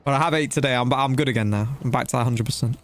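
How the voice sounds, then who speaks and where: A young man streams a game live, racing along in a mid-range voice as he comments on the action. He chats loosely with his viewers, talking to chat as he plays and tossing out slang like "bro" and "dude."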